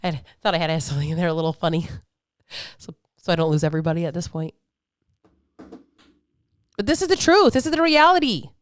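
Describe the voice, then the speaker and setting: A woman's voice: on the low side, animated, quick pace, pauses often, clear, resonant tone, no echo, studio quality. A woman fitness coach in her thirties, ranting bluntly and profanely on her own podcast. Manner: blunt, profane, fired-up, preachy. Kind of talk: unfiltered podcast rant.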